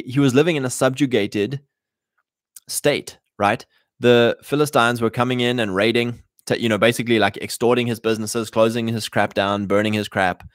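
A man's voice: mid-range voice, no room sound, studio quality. A man hosting a livestream, talking in a loose monologue full of restarts and fillers. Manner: rambling, many fillers and restarts. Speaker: show host.

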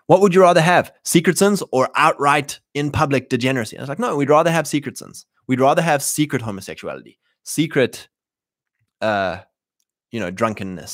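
A man's voice: medium pitch, no room sound, studio quality. A man giving an opinionated monologue, emphatic and loose, with many fillers. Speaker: commentator.

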